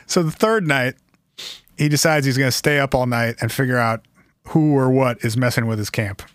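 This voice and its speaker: A man's voice: medium pitch, moderate pace, dry recording, studio quality. A man hosting a podcast, telling a story in casual chat with an easygoing, wry manner. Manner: easygoing, wry, reads quotes aloud.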